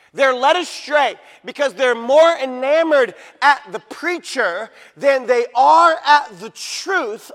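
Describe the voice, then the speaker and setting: A man preaching a sermon with fervent emphasis, swinging between loud declarations and low, drawn-out phrases. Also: in a large hall.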